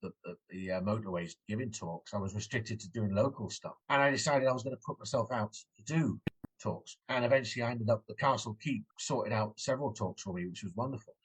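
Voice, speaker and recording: A husky English man talking fast in a relaxed interview, rambling from one point to the next. His voice has a slightly rough, breathy edge, and he often restarts his sentences with chatty fillers. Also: fairly low pitch, low-quality recording. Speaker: author and guest. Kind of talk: casual interview chat.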